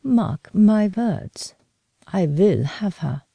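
A woman's voice: medium pitch, fairly even intonation, moderate pace, dark tone, no echo, pitched above the performer's own voice, natural voice. A woman voicing a slight, lovesick young man who speaks meekly but stubbornly. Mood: defiant. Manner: meek, pleading.

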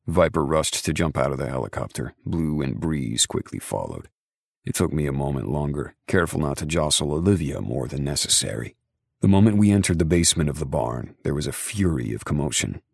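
A man reading a story aloud in the first person as an audiobook narrator, steady and measured. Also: rumbling low, creaky, slightly rough, dry recording, studio quality.

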